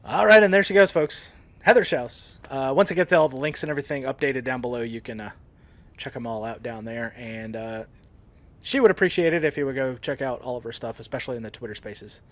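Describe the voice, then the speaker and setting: A man hosting a podcast, chatting casually and laughing often, in a relaxed, joking way. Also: medium pitch, fairly quick. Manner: laid-back, jokey, laughs often. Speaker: podcast host. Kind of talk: casual chat.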